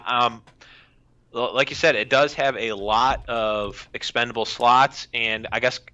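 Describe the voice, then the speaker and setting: Bright, crisp man with hesitant delivery. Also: mid-range voice. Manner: hesitant, many filler pauses. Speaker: podcast co-host. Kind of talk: casual chat, game analysis. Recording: dull lo-fi audio.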